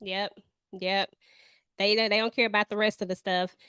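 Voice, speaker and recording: A woman's voice: medium pitch, little pitch movement, normal speed, bright, forceful tone, clean tone, no echo. A woman co-hosting a live chat over a video call, steering the talk with questions and laughing at her own slips. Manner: leads questions, laughs at herself. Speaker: co-host. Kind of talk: casual chat.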